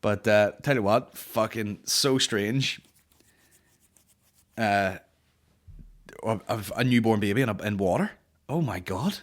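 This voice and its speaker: A man in his thirties spins a comic story, swearing freely and restarting his sentences as he goes. His voice sits on the low side. He has the loose, rambling style of a chat podcast host. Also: slow, long pauses. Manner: sweary, rambling, animated anecdote with frequent restarts. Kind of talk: casual comedic storytelling.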